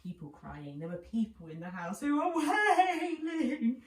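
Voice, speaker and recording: A woman leading a children's church session, telling a Bible story with lively voices and asking the children questions. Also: on the high side, a little slow. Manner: animated, asks children questions, acts out lines. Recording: roomy and distant with faint noise.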